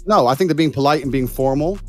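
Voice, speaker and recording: A man with a mixed British and American accent, speaking as a guest on a stream panel in a measured, formal, lecturing way. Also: fairly high pitch, soft background music. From United Kingdom and United States. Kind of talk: panel debate.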